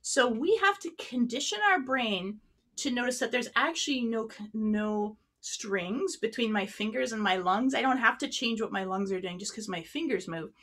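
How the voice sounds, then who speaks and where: Clarinet teacher explaining breath technique. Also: female voice, on the high side, normal speed, fairly bright tone. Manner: friendly, explanatory, demonstrating as she talks. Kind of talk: online workshop lesson. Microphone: a few feet from the mic.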